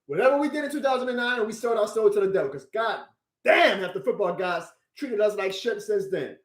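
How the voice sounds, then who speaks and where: Young male streamer, high voice, emotional ranting, echoey room, amateur live stream. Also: expressive, a little fast. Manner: emotional venting, swinging from loud outbursts to subdued sighs. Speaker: sports fan streamer.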